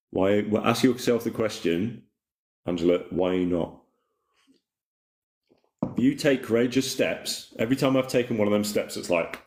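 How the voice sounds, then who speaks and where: A man with a low, deep voice chats at a relaxed pace on a live stream, rambling and reading out viewer comments. His voice rings around an echoey room. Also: creaky. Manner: rambling, laid-back, reads chat comments aloud. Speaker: livestream host. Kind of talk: casual spiritual livestream chat.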